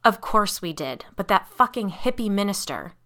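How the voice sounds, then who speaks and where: A man's voice: sits high, big pitch swings, normal speed, pushed and bright, heavily acted. A woman reading a horror story aloud, voicing a shaken middle-aged father who talks in a tense, clipped, exasperated way.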